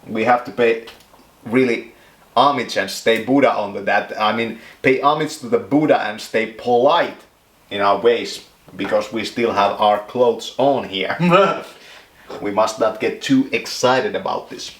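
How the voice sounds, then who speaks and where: A man's voice: lowish voice, unhurried, echoey room. A man from Finland, rambling jokingly through a casual monologue in his home kitchen. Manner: joking, rambling, laughs often. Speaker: vlogger.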